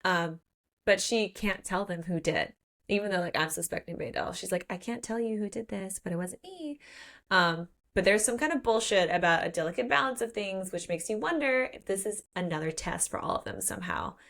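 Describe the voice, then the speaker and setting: A woman's voice: mid-range voice, lively intonation, a little fast, gravelly, fairly bright tone. A woman co-hosting a book podcast, retelling a plot in casual chat and acting out the characters' lines. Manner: frequent "like" fillers. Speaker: podcast co-host.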